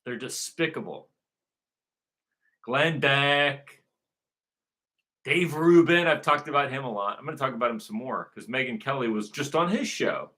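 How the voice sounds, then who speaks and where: A man's voice: mid-range voice, unhurried, long pauses, pushed and bright. A man hosting his own show, delivering a repetitive, emphatic ranting monologue with frequent profanity. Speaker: show host.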